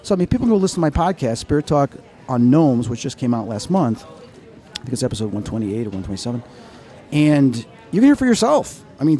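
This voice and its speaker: Man, paranormal guest, excitable storyteller, lively pitch, fairly high voice. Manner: excitable, dramatic, quotes people in voices. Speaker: medium and paranormal researcher, guest. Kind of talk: animated storytelling interview. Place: outdoors at an expo.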